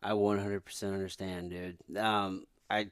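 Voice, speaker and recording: A man hosting a podcast, chatting in a relaxed, agreeable way and chiming in often. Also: deep voice, unhurried, clear, resonant tone, dry recording, studio quality. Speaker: podcast host. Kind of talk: casual podcast chat.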